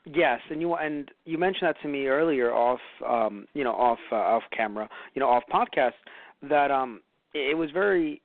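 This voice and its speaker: A man co-hosting a podcast in casual chat, animated and acting out quoted voices. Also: mid-range voice, moderate pace, no room sound. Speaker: podcast co-host. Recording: tinny phone-like sound, dry.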